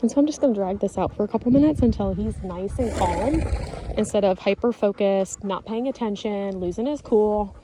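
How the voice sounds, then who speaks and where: A woman dog trainer talking outdoors in a calm, steady, instructive way while working a dog, hot and sweating. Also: mid-range voice, brisk, noisy background. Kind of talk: training vlog narration.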